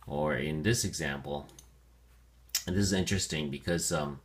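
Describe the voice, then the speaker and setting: Low-voiced man teaching a word lesson. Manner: slow, deliberate enunciation with fillers. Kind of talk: vocabulary lesson to students.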